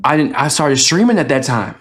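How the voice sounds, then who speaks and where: A man's voice: medium pitch, brisk, a crowd in the background. A young man live streaming, telling a profane storytime in a casual, slangy way with lots of swearing. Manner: animated, slangy, swears a lot. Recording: roomy echo.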